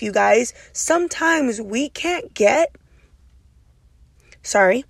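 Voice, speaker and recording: Loud, raspy woman podcast host. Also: high-pitched, dry recording, studio quality. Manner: loud and passionate, speaks to listeners directly. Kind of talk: motivational podcast talk.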